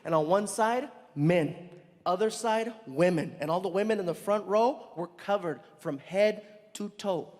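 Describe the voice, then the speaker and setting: A middle-aged man doing stand-up, telling a story in an animated way. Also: sits high, measured pace. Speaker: stand-up comedian. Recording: live venue with long reverb.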